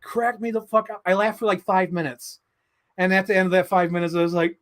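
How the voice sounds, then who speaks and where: A man hosting a casual livestream, answering chat in an animated, excitable way with many fillers. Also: high-pitched, brisk. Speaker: livestream host reading chat.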